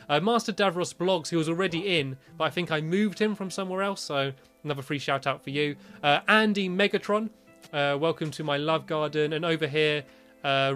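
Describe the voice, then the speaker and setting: A young British man chatting casually as he plays and shows off his builds, turning shrill and panicky when danger appears. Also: fairly bright tone. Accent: British English. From Britain. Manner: chatty, breaks into high panicked yelps. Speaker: gaming video creator. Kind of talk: casual game commentary. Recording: faint music behind.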